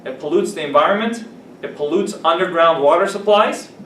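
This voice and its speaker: A man's voice: a little high, fairly quick, pushed and bright. Teacher man in an echoey classroom. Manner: explains words, then repeats and checks them with the class. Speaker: English teacher. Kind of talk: classroom vocabulary lesson. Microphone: camera at a distance. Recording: echoey classroom from far off with faint hiss.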